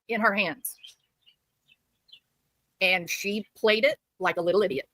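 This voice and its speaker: A woman's voice: medium pitch, normal speed, long pauses, sharp tone, no echo, rough recording. A woman hosting a live stream, giving angry, sarcastic commentary. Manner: sarcastic, mocking. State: furious.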